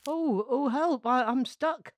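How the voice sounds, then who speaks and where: Brief: clumsy cheerful mop guy, played by a woman, stammering and animated, for a bedtime storybook. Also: medium pitch, measured pace. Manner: eager, bumbling and stammering. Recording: noisy hiss behind the voice.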